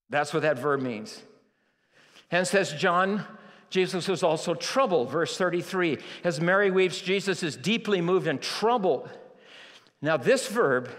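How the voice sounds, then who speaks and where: A man preaching a sermon in a church, slow and emphatic, moving between near-whispers and shouts and repeating key words. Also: fairly high pitch. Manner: dramatic, swinging from quiet near-whispers to shouting. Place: church sanctuary. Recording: long reverb of a large church hall.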